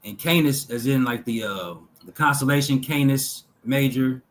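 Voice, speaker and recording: A man slowly reading lists of words aloud from a text, pausing between each item in a measured way. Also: mid-range voice, poor audio. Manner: slow, measured reading with pauses between list items. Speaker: talk show host reading linguistic examples.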